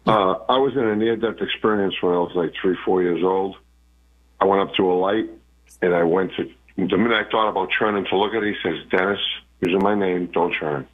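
A man's voice: deep voice, fairly even intonation, brisk. A man calling in to a radio talk show, telling his stories in a rambling way. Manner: rambling storyteller. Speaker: caller. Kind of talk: phone-in call. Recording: tinny phone line.

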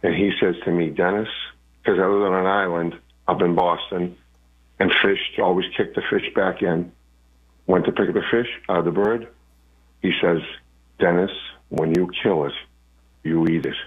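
Deep raspy guy calling into a radio show, phone-line sound, rambling storyteller. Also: fairly even intonation, normal speed. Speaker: caller. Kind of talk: phone-in call.

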